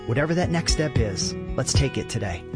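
A radio ministry host giving an earnest, inviting welcome in a middle-pitched voice. Guitar music plays clearly beneath him. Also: male voice, animated, brisk. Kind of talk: scripted radio introduction.

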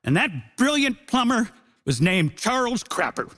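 A man's voice: very high-pitched, very animated, unhurried, very noisy. A man delivering a mock-grand comic debate speech on a theatre stage. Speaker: comedian debater.

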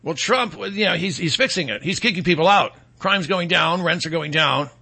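A sarcastic middle-aged man delivers a political commentary monologue at a moderate pace, his high voice very bright and sharp with a gravelly crackle. He rambles, filling gaps with fillers and mocking asides.

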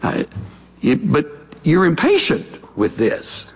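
A man voicing a smooth-talking older friend who gently accuses his companion, in a conversational, needling manner. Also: on the high side, huge pitch swings, slow pace, full character voice. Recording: long hall reverb.

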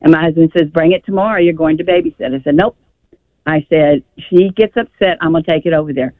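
A woman's voice: low voice, fast, no room sound. An older woman calling a radio show, telling a family story in an emotional, rambling way. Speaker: caller. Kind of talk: call-in radio conversation. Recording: tinny phone line.

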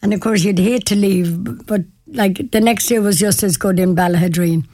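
A woman's voice: medium pitch, normal speed, no echo. Older Irish woman with a Mayo accent, chatty storyteller who laughs often, dry close recording. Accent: Irish, County Mayo. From Ireland. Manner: chatty, warm-hearted, repeats herself, laughs often. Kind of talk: casual storytelling.

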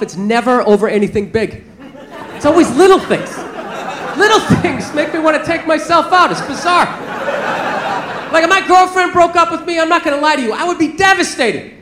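A man doing a rambling, confessional stand-up set who bursts into shouting now and then. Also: extremely high pitch. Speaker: stand-up comedian. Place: comedy club stage. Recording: roomy live club with crowd laughter.

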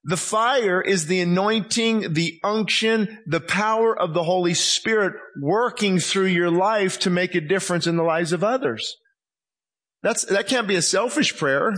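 High-voiced man preaching with fervor. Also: a bit bright. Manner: impassioned preaching, drawing out scripture slowly, acting out voices. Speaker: pastor. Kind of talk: sermon. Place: church.

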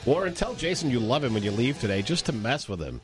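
Playful, teasing male co-host, lively pitch. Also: brisk, soft background music. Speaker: radio co-host. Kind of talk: casual on-air banter.

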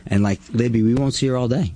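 A man's voice: mid-range voice, fast, dark tone. A man, a surgeon guest on a radio show, talking casually with frequent restarts. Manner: hesitant, many restarts and fillers.

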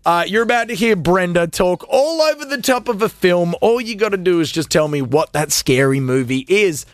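A man hosting an evening radio show and taking calls. He talks in an animated, joking, self-mocking way. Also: high voice, moderate pace, no echo. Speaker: radio host.

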